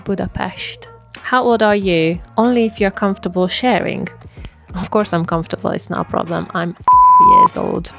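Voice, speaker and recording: A woman's voice: medium pitch, steady tone, normal speed, creaky, over music. A woman from Hungary with a Hungarian accent, chatting casually and self-deprecatingly, with plenty of "like", in a get-to-know-me vlog. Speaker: vlogger.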